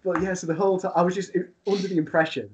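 A man, a wrestler guest, telling a long funny story in a casual, animated way with laughs. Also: sits high, racing, highs cut off, slight background noise.

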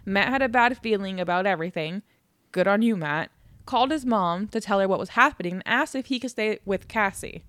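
A woman's voice: medium pitch, brisk, a bit bright, no room sound. A woman co-hosting a podcast, telling a true crime story in casual, chatty talk, laughing often and swearing. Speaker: podcast co-host.

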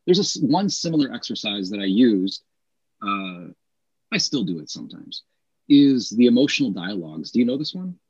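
Male co-host, husky, emphatic explainer, muffled lo-fi sound. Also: mid-range voice, sing-song. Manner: emphatic, explains with quick acted examples. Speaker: podcast co-host, English teacher. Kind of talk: casual teaching podcast chat.

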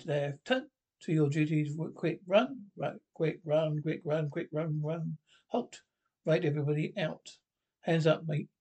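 Guy reading a fussy police captain shouting drill commands, short clipped orders, higher voice. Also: unhurried, slightly rough. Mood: commanding.

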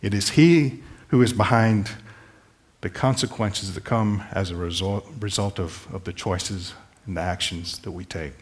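Male pastor, lower-pitched, earnest sermon delivery with pleading appeals. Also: measured pace. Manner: earnest, pleading, rephrases verses plainly.

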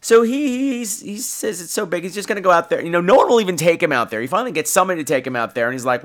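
A man hosting a podcast, casually reviewing a horror film, animated and jokey with casual swearing. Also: high-pitched, very fast, few pauses. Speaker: podcast host.

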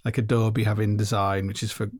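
A man's voice: fairly low pitch, level tone, brisk, dry recording, studio quality. A middle-aged man hosting a podcast, rambling and joking in casual solo talk, often stopping and restarting his sentences. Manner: rambling, self-interrupting, joking. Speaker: podcast host.

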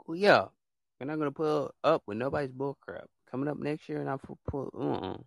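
A man's voice: mid-range voice, brisk, vocal fry, no room sound, clean studio sound. A man hosting his own podcast, delivering a blunt, fed-up rant full of repetition and casual slang. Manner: fed-up, blunt, repeats himself. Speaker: podcast host. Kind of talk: ranting monologue.

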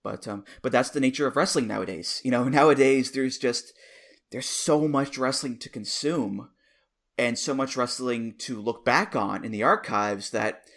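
A man's voice: mid-range voice, normal speed, gravelly, fairly bright tone. A man in his thirties co-hosting a podcast, chatting casually and enthusiastically, laughing easily as he reminisces. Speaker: podcast co-host. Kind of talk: casual chat.

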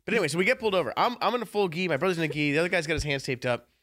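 A man's voice: fairly high pitch, very fast, a bit bright, no room sound, clean studio sound. A man co-hosting a podcast, telling a story in a casual chat full of swearing. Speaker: podcast co-host.

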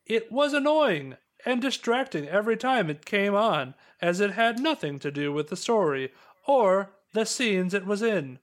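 High-voiced goofy man co-host. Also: expressive, unhurried. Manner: goofy, mock newscaster bits. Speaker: podcast co-host. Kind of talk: casual banter, reading reviews.

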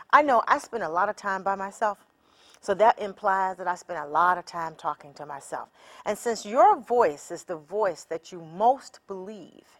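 A woman hosting a self-help podcast, speaking in a calm coaching way that builds to emphatic encouragement. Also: medium pitch. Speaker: podcast host. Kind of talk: reflective self-help teaching.

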